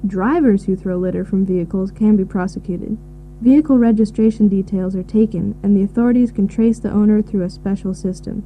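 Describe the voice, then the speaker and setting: A woman giving measured, informative answers in a scripted listening recording. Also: medium pitch, mellow. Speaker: expert answering questions. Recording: tinny phone-like audio with faint hiss.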